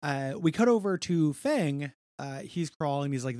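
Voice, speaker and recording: A man's voice: medium pitch, a little fast, a little mellow, no echo. Chatty man recapping comics, dry sound. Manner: chatty, stammering repeats, casual swearing. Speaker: podcast co-host. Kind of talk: casual comic book recap chat.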